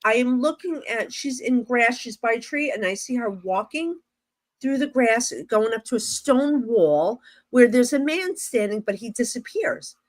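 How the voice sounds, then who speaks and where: A middle-aged woman with a New Jersey accent, a psychic medium guest on a podcast, telling a story in an animated way, acting out dialogue and laughing often. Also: on the high side, measured pace, no echo.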